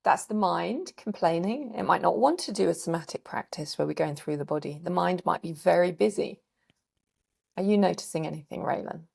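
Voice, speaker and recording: A woman coach gently guiding a calming practice, sighing often, her throat a bit scratchy. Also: lowish voice, brisk, creaky, slightly rough. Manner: gentle, permissive guiding with frequent sighs. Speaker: recovery coach. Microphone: desk mic on a video call.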